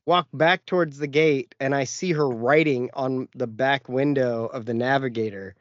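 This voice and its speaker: A man hosting a casual podcast rattles off a profane story about a family run-in and acts out every quoted line. His voice sits at an ordinary male pitch. The recording is dry and slightly dull and lo-fi. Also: normal speed, no room sound. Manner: profane, animated anecdote with acted-out quotes. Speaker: podcast host.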